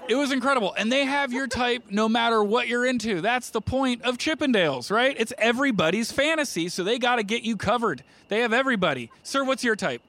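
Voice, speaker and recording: High-voiced self-mocking stand-up man. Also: fast, hardly any pauses, background noise. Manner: animated, self-mocking storytelling with playful asides to the crowd. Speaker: stand-up comedian. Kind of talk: stand-up routine. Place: comedy club stage before an audience. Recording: live stage mic with audible room ambience.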